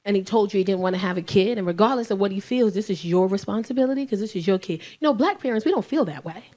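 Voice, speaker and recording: A middle-aged woman performing stand-up, telling family stories in an animated, profane way. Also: mid-range voice, quick pace. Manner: animated, profane, acts out voices of her son and boyfriend. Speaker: stand-up comedian. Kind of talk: stand-up storytelling. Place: comedy club stage.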